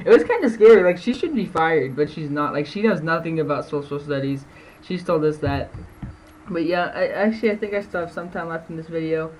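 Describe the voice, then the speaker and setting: A man's voice: fairly high pitch, brisk, darkish tone, a little hiss or hum, rough recording. A teenage boy telling stories from school to camera in a rambling way, with many fillers and laughs between sentences. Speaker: vlogger. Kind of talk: casual storytelling to camera.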